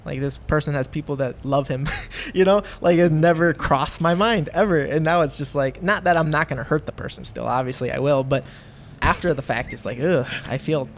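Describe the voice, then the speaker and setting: A man's voice: a little high, brisk, gravelly. A young man, a professional fighter, talking casually on a podcast in a rambling way, full of fillers and restarts. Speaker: guest, professional MMA fighter.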